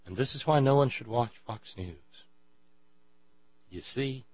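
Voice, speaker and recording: A man's voice: mid-range voice, measured pace, breathy edge, dull audio. Sarcastic male political commentator. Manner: sarcastic, stammering restarts. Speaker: show host.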